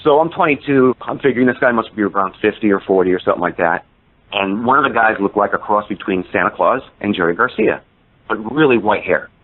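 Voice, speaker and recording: A man's voice: lowish voice, lively intonation, fast. A man in his fifties, a podcast guest, telling a story casually and acting out the people he quotes with shifts in his voice. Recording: tinny phone-line sound.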